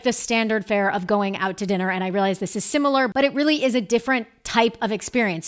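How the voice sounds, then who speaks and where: Woman host, 30s, chatty and playful, bright higher register. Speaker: podcast host. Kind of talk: casual chat. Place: New York City.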